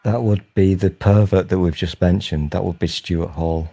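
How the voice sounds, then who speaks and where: A man in his forties holds court in a low, mellow voice. He rambles from story to story with sweary, mischievous humour, the way you talk to friends on the sofa. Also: fairly even intonation, moderate pace, gravelly, breathy edge. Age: 40s. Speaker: host. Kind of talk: casual chat.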